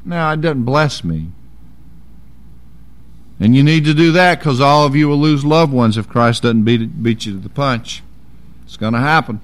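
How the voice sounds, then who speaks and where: A man's voice: mid-range voice, moderate pace, long pauses. A man preaching a sermon in a folksy, emphatic way.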